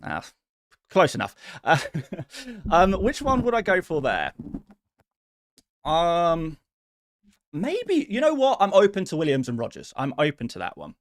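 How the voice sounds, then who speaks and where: A man hosting a live stream, chatting casually as he answers viewer questions, self-deprecating and quick to laugh. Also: high voice, huge pitch swings, a little hiss or hum. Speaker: fantasy football streamer.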